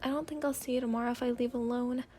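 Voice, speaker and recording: A woman's voice: on the high side, steady tone, quick pace, mellow, lightly acted. A woman voicing a frightened pleading young woman. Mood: scared, pleading. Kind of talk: soft-spoken ASMR fanfic reading.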